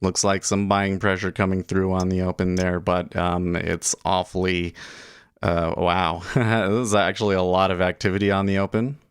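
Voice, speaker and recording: A man's voice: low voice, level tone, normal speed, clear, resonant tone, no echo, studio quality. A man hosting a day trading livestream, chatting casually and thinking aloud with frequent chuckles. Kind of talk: casual live trading commentary.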